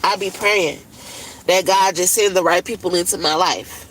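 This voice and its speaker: A woman's voice: lowish voice, normal speed, a bit bright, rough recording. A woman vents on a casual livestream. She talks bluntly, swears often and sounds worn out with frustration. There is a faint bit of noise in the background. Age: 30s. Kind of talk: casual venting monologue.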